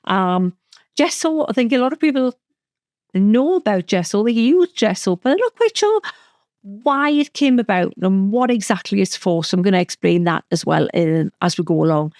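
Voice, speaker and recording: A woman's voice: mid-range voice, expressive, normal speed, darkish tone, no room sound. A woman as a craft educator, chatty and enthusiastic, talking through a craft tutorial with frequent restarts.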